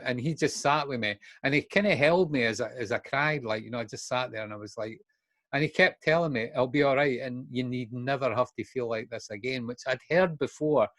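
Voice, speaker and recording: A man's voice: mid-range voice, a bit bright, no room sound. Candid Scottish man in his sixties. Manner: frank, acts out remembered dialogue. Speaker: guest speaker in recovery. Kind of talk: candid personal storytelling.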